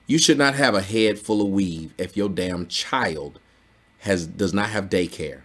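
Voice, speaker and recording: A man hosting a commentary video, ranting in a blunt, profane, mocking way that swings from low grumbling to loud exclamations. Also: measured pace. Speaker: commentary channel host.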